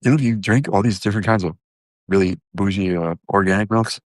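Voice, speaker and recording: A man with a very low, deep voice hosts a casual live stream, rambling loosely from one thought to the next with plenty of fillers and restarts. He jokes around and talks straight to his viewers. The sound is dry and close. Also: quick pace, no echo. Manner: joking, talks directly to viewers.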